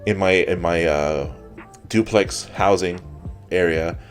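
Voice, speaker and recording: Low-voiced man rambling through a profane story. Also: takes it slowly, faint music behind. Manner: rambling, profane, repeats words while telling a story. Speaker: podcast co-host. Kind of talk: casual storytelling chat.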